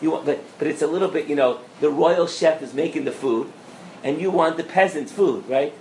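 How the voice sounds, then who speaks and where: A man, a rabbi, giving a lively Torah class to a live audience, often asking if they follow him and mixing in Hebrew and Yiddish terms. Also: a little high, fairly quick, echoey room, a little hiss or hum. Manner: animated, asks the audience questions, mixes in Hebrew and Yiddish terms. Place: lecture room with an audience.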